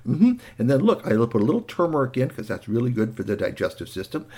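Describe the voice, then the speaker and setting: A man voicing a flustered, bossy mother in a storybook tale, pitching his voice high and loud. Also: sing-song, fast talker, husky. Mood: chatty. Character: flustered, bossy mother, middle-aged woman.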